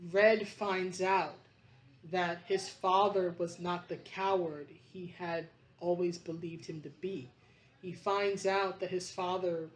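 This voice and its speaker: Passionate woman vlogger, choked up. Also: fairly low pitch. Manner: passionate, emphatic, with frequent restarts and fillers. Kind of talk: rambling opinion monologue.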